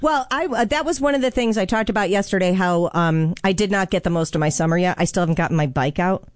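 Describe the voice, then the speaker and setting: A woman's voice: lowish voice, quick pace, no echo. A woman hosting a classic hits radio show, chatting casually in the studio and laughing often. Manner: chatty and giggly, animated delivery. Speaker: radio host.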